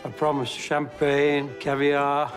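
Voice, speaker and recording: An actor playing a cheerful, dreamy working-class dad in a film trailer, chuckling and gently optimistic. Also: male voice, on the high side, monotone, slow. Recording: film trailer audio with music. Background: film score.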